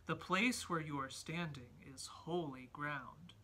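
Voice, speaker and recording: A woman in her thirties leading a home Sunday school lesson for children, speaking gently and encouragingly and reading a storybook aloud. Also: sits low, takes it slowly, a little hiss or hum. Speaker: Sunday school teacher, parent. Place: family home.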